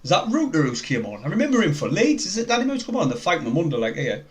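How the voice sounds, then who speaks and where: A young man with a North East English accent, commenting on a football match live for his stream and chatting with viewers in a chatty, excitable way. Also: a little high, fast talker. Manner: chatty, excitable, laughs often, reads out viewer names.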